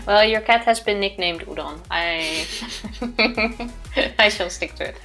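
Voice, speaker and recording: A woman's voice: on the low side, measured pace, creaky, pushed and bright, faint music behind. Cheerful chatty woman co-host. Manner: cheerful, chatty storyteller, laughs easily. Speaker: let's play co-host. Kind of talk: casual chat over gameplay.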